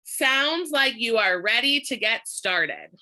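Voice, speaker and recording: A woman's voice: fairly high pitch, sing-song, slow pace, bright, forceful tone. A woman leading a live online social media training, upbeat and emphatic, laughing often as she talks.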